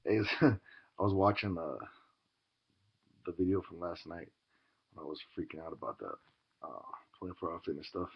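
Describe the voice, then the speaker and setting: A man talking quietly and hesitantly in a confessional vlog, full of fillers. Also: low voice, moderate pace, pauses often, slightly rough, highs cut off. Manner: mumbling, hesitant, filler-heavy.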